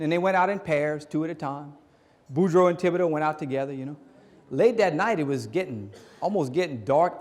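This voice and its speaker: Folksy Cajun comedian, high voice. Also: male voice, darkish tone, big-room sound. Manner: folksy, chatty, laughs at his own jokes. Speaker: comedian, keynote speaker. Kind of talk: stand-up comedy. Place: large conference hall.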